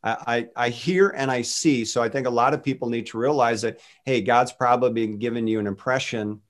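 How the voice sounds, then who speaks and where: A man speaking as a guest minister in a casual faith conversation, telling stories in an animated way and voicing quotes. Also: medium pitch, a little fast. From United States. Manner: animated storytelling with voiced quotes.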